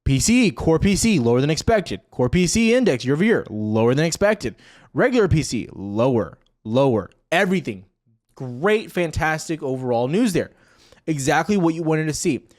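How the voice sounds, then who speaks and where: A man's voice: on the high side, animated, a little fast. A young man hosting casual stock market commentary, talking straight to viewers over charts with joking asides.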